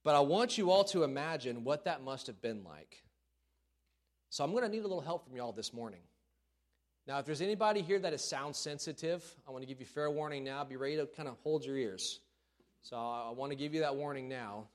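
A man preaching a sermon in a church, folksy and self-deprecating, then building to loud calls to the congregation. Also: mid-range voice, brisk. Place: church sanctuary.

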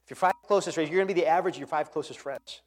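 A man preaching a sermon, swinging between quiet, earnest passages and loud, impassioned ones. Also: on the high side, rapid-fire. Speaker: pastor.

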